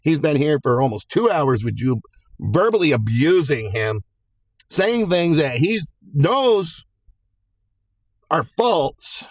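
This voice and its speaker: A man's voice: a little high, big pitch swings, takes it slowly, pauses often, dry recording, voice pushed up, heavily acted. A man telling a story while putting on the voice of a stern, no-nonsense woman judge who scolds firmly and emphatically. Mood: stern scolding.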